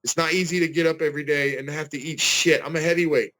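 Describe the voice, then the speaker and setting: A man's voice: a little high, steady tone, fast talker, sharp tone, rough recording. A man in his forties, a fighter giving a casual interview over a video call, earnest and rambling, often restarting his sentences. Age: 40s. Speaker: guest fighter.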